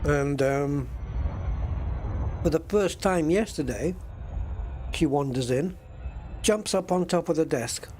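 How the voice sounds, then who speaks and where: A man's voice: a little high, slow, long pauses, darkish tone, a little hiss or hum. A man chatting casually and joking with viewers while live-streaming a space game.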